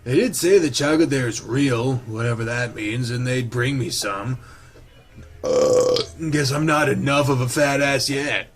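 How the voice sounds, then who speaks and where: A man's voice: medium pitch, measured pace, natural voice. A man doing Carl, a crude joking goat guy.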